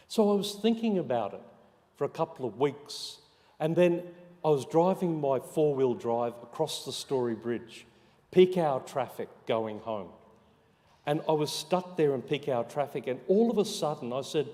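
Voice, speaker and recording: A man, a parish priest giving a homily, telling stories and dropping to soft hushed emphasis. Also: fairly high pitch, expressive, measured pace. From Australia. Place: church. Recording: long church reverb.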